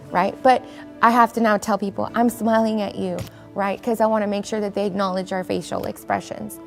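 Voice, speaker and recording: Woman, virtual presenter, slightly high voice, conversational, faint background music. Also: darkish tone. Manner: conversational, keeps asking the audience "right?". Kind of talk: virtual conference talk. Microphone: video call.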